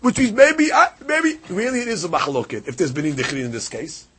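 A man's voice: sits high, fairly quick, slightly rough. A man teaching a Talmud lesson, explaining a passage back and forth and reading out Aramaic lines between English explanations. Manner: animated, rises sharply on key points.

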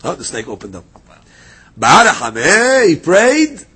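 A man teaching a daily Talmud class, reading passages aloud and retelling them as a lively story. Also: high-pitched, a little slow, slightly rough. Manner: lively storytelling, reads Aramaic then explains in English.

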